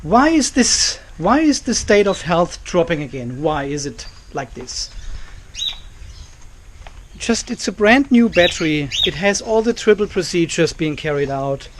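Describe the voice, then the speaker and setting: A man vlogging from his home carport, ranting at the camera in an exasperated way. He keeps circling back to the same complaints, and his voice sits high for a man. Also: sing-song, a little slow, a little hiss or hum. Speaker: car vlogger. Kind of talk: casual vlog to camera.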